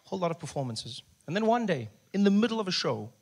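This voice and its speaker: A South African comedian spins a story on stage, his man's voice sitting a little high. He swings between lively, punchy delivery and a deliberately hushed murmur. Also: creaky, breathy edge. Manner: animated storytelling, switching to hushed voice. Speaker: stand-up comedian. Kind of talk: stand-up comedy.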